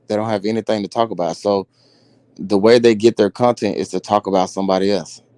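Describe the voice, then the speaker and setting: A man answering questions as a guest on a live stream, keeping his replies brief and dismissive. He speaks quickly in a low, mellow voice. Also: steady tone, no room sound, clean studio sound. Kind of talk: casual live-stream chat.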